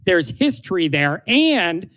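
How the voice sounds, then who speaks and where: A man with a high-pitched voice holding forth on sports in casual chat. He talks in an emphatic, opinionated way, pressing his points home. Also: sing-song, slow pace, a bit bright. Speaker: sports podcast co-host.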